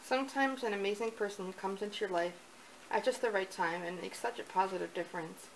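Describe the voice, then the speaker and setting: A young woman gushing with excitement as she unboxes a parcel, gasping and cooing over each item in a casual vlog. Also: mid-range voice, brisk, a little hiss or hum, low-quality recording. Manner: gushing, excited, breathy gasps. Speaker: vlogger.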